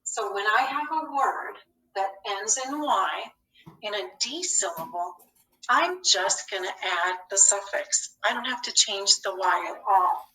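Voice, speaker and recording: Heard from a distance in an echoey classroom, a woman with a mid-range, pushed and bright voice teaches phonics to young kids at a measured pace. She's patient, asking questions and supplying the answers herself.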